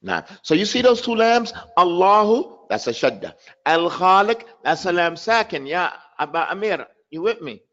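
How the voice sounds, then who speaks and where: Man, language teacher, emphatic drilling, repeats words, higher voice, muffled lo-fi online audio. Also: sing-song, moderate pace, hardly any pauses, a bit bright. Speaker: Arabic teacher.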